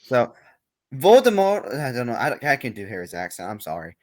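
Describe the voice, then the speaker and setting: A man's voice: fairly low pitch, lively intonation, fast, a bit bright. A man in a class reading a problem aloud, hesitant and apologetic and stumbling over words.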